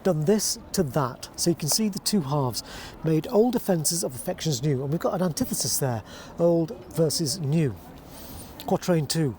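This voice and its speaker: Male verse teacher, mellow tone, slow deliberate readings, faint street noise behind. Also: on the high side. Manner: explains calmly, then reads lines aloud slowly and deliberately. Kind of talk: verse-speaking lesson.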